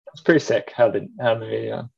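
A man chimes in with relaxed agreement during a casual show recap. His voice is low and gravelly, heavy with fry. The recording sounds dull and lo-fi. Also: fairly quick. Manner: laid-back agreeing interjections. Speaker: podcast co-host.

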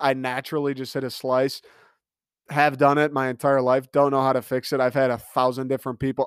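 Man, casual comic ranter with an exasperated, profane edge; smooth, dry close sound. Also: medium pitch, steady tone, normal speed, no echo. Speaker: storyteller. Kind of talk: casual comedic rant.

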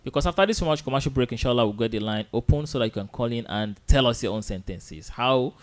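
Patient radio Arabic teacher. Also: male voice, medium pitch. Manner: patient, repeats words slowly for drilling, chuckles often. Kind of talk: live radio language lesson.

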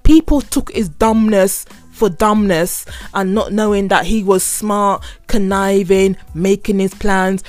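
A woman's voice: mid-range voice, a little mellow, dry recording. A woman hosting a podcast, venting in a casual monologue with sarcastic, exasperated remarks and repeated phrases. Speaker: podcast host.

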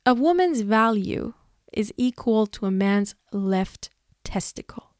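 A woman's voice: mid-range voice, expressive, slow, no room sound, studio quality. A young woman from Iran giving an emotional, exasperated opinion monologue as a vlogger, sighing and laughing between points.

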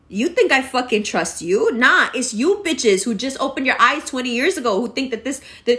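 A woman's voice: sits high, expressive, normal speed, hardly any pauses, bright, forceful tone. A woman in her forties delivering a profane, exasperated rant that scolds her listeners. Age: 40s. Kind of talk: ranting monologue.

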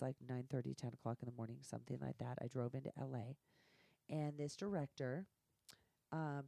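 A woman's voice: low voice, no room sound. A woman telling candid, profane stories from her work in a casual podcast conversation. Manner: blunt, profane, animated storytelling. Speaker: guest.

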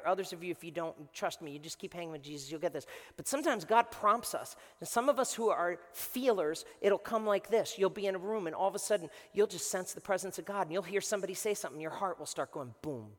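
A male pastor with a notably high voice delivers a lively, conversational sermon, often restarting phrases for emphasis. His voice carries a long reverb from the large church hall.

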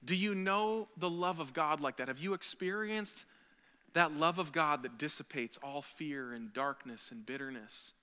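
Earnest pastor preaching in a reverberant church. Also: male voice, on the high side, a little slow, clean tone. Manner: earnest, building to loud emphatic peaks. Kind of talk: sermon. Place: church sanctuary. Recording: long hall reverb.

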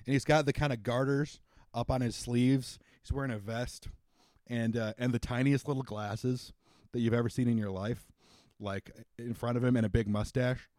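Game master guy rambling through scene descriptions, middle pitch, dry close mic. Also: fairly even intonation, normal speed, darkish tone, dry recording. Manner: loose rambling description with restarts. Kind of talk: narrating a tabletop game.

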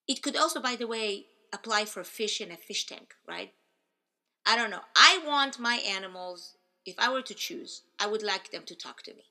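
A woman's voice: mid-range voice, sharp tone. A woman giving a casual, chatty Torah lesson, talking straight to her listeners and asking them to repeat words after her. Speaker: Torah teacher. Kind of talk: casual spoken lesson to an audience.

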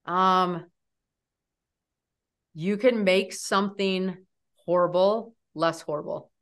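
A woman in her forties speaks as a podcast guest with a fairly low voice. She tells her stories in an animated, lively way. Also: slow. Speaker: interview guest. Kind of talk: storytelling in an interview.

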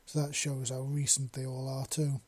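A man voicing a quiet, soft-spoken young human man in a read-aloud story, with a dark, husky tone. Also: mid-range voice, completely flat delivery, normal speed, no room sound, natural voice. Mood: soft, regretful.

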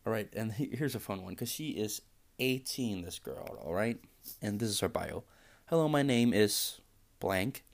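A man's voice: lowish voice, moderate pace, gravelly. A man hosting a podcast, ranting casually in a sarcastic, exasperated way and swearing freely. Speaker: podcast host.

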